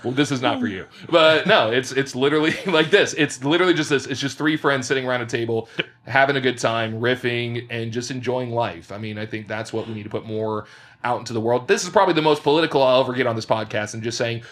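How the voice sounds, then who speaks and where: Man, podcast host, casual chat, jokey, quick laughs. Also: mid-range voice. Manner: joking, laughs often, animated storytelling.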